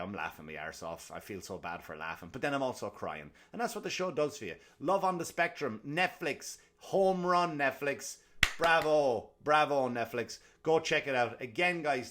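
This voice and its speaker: A male comedian rambles through a casual podcast rant with a mid-range voice. He swears freely and makes fun of himself. His voice dips into low mutters and then jumps up into loud, excited bursts.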